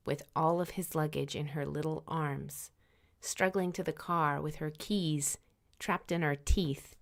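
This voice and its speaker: Slow-talking woman, low voice. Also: vocal fry. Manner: slow, playful narration with acted quotes. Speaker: improv storyteller. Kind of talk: improvised comedic storytelling.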